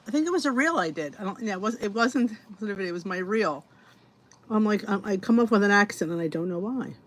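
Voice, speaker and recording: A woman hosting a casual livestream podcast, chatty and a bit scattered, talking to herself while she sets up. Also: on the high side. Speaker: podcast host.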